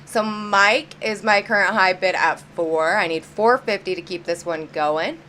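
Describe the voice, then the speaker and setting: A woman's voice: mid-range voice, measured pace, sharp tone, a little hiss or hum. A woman hosting a live-stream auction, chatty and upbeat, greeting viewers by name as she counts down bids.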